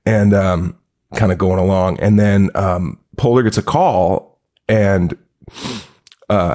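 A man telling a long, animated anecdote as a podcast guest, rambling with many restarts and acting out quoted lines. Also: sits low, unhurried, pauses often. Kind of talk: casual storytelling.

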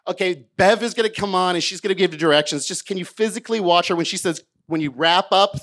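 A man's voice: high voice, fast, fairly bright tone, voice pushed up. A man playing a finicky, flustered Hollywood production guy who bosses him about his room. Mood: bossy. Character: fussy Hollywood production guy, male adult.

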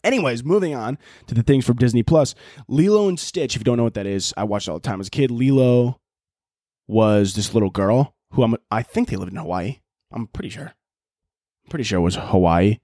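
A man's voice: medium pitch, expressive, a little fast, warm tone, no echo, clean studio sound. A man in his twenties with a Chicago accent, ranting profanely and laughing as a solo podcast host. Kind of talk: casual solo podcast rant.

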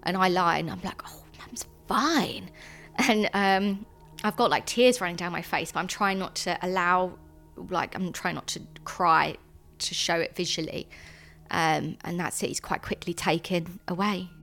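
A young woman giving an earnest personal account in an interview, halting often with ums and restarts. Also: on the low side, fairly even intonation, gravelly, a bit bright, soft background music. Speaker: interviewee, sister of a convicted man.

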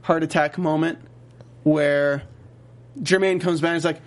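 A young man co-hosting a casual podcast, recapping a show and slipping into quick character impressions. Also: on the high side, steady tone. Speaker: podcast co-host recapping a TV episode. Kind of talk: casual chat.

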